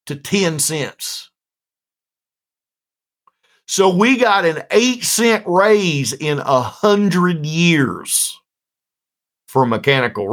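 A man, a guest songwriter, telling stories in a casual podcast chat and laughing often. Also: on the high side. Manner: laughs often, lively storytelling.

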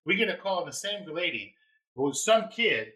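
Podcast host, male, bright lively voice, laughing storyteller, casual chat. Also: high-pitched, normal speed, low-quality recording. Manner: animated, laughing, yells quoted lines. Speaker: former EMT.

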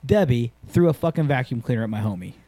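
A man hosting a podcast and working as a skydiving instructor, telling animated, profanity-laced stories in casual chat. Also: medium pitch, fast talker, no room sound.

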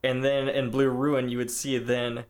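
A man co-hosting a film podcast in casual discussion, chatty and quick to laugh, often stammering as he restarts a thought. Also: mid-range voice, little pitch movement. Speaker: podcast co-host.

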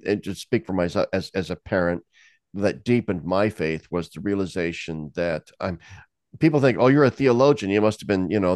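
Frank, joking man with a low voice. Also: a little mellow, no echo, studio quality. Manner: candid, joking, laughs often. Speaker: host. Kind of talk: casual conversation.

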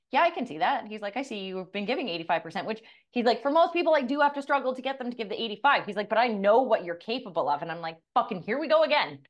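A middle-aged woman co-hosting a podcast, telling a personal story with blunt, profane candor and acting out the dialogue. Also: on the low side. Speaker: podcast co-host, coach.

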